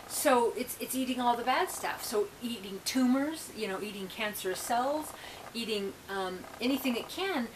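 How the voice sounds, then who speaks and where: A woman talking in an unscripted, meandering way, often stopping on "um" and starting her sentences over. Her voice sounds bright and clear at an ordinary pitch. A faint hiss runs under the recording. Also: rough recording. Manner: meandering, full of ums and restarts. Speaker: reverend vlogger. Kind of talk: rambling casual monologue.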